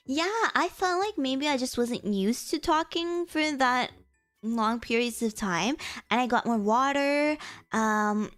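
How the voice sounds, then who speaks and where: A woman's voice: slow, fairly bright tone, faint music behind. Tired young woman streamer, chatty. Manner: chatty, laughs often, many fillers; switches between a higher voice and her lower natural voice. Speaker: VTuber streamer. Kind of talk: casual stream chat.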